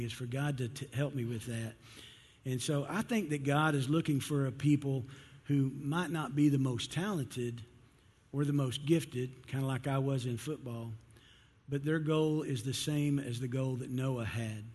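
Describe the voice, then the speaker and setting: A man's voice: medium pitch, a little mellow, husky, long reverb tail. A man preaching a sermon in church, telling a story and acting out its characters. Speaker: pastor.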